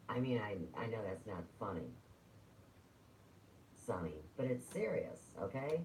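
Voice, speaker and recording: A man's voice: fairly low pitch, lively intonation, moderate pace, dark tone, slight background noise, low-quality recording. A man ranting on a livestream, rambling, sarcastic and full of swearing.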